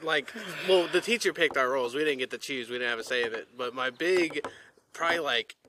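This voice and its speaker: A man's voice: mid-range voice, fairly quick, background noise. A young man as a podcast guest, telling school stories casually and laughing along. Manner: laid-back, laughs through his stories. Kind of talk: casual chat, storytelling.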